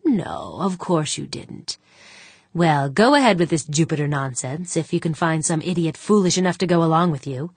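Voiced by a woman, a proud, scheming male executive talks in a low, slow and measured way. His calm sarcasm carries a contempt he never raises his voice to show, read as an audiobook character. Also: slightly rough, no room sound, full character voice. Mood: cold. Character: cold, scheming male board member, proud and bitter.

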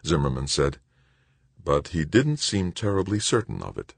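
A man narrating an audiobook in a measured storytelling manner. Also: a bass voice, very animated, gravelly, breathy edge, no room sound. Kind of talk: scripted narration.

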